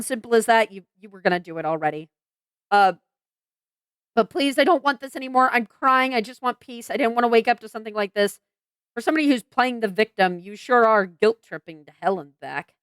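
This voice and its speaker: Smooth-voiced exasperated woman venting. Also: a little high, dry recording. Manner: frank and exasperated, swears, many fillers and restarts. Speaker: vlogger. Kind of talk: venting commentary vlog.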